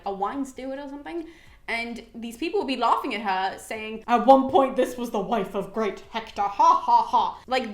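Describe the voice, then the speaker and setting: A young woman hosts a casual summary, animated and packed with fillers. Her voice sits fairly high. It is recorded in an echoey room. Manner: gushing, animated, filler-heavy with "like". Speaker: host.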